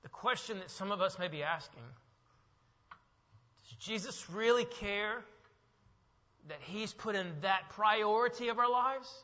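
A male pastor preaching a sermon in a church, moving from hushed reflection to emphatic, rising delivery. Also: high voice, a little slow, long pauses. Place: church sanctuary. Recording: muffled sound with long hall echo.

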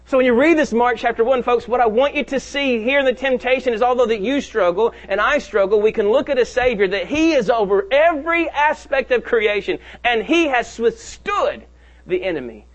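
A male pastor preaching a sermon to his congregation. He leans hard on key phrases and draws them out slowly. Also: very high voice, lively intonation, muffled recording. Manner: preaches with rising emphasis and slow, drawn-out key phrases. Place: church sanctuary.

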